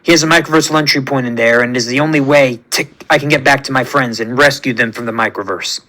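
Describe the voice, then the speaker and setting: A man's voice: mid-range voice, quick pace, bright, forceful tone, pitched below the performer's own voice, close to an everyday voice, rough recording. A man voicing a male insect-like alien creation whose speech is broken by clicking ticks. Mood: determined.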